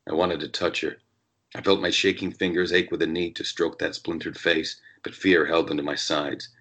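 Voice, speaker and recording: A man reading as a jaded, hard-drinking male noir detective in an American accent, in measured, brooding first-person narration. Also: sits low, flat delivery, fairly bright tone, breathy edge.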